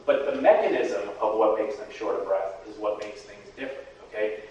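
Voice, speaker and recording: A man giving an animated talk to a patient support group, often checking in with "okay?". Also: fairly low pitch, normal speed, muffled recording. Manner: animated, repeats "okay?" to the audience. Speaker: guest speaker. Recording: echoey room, distant mic.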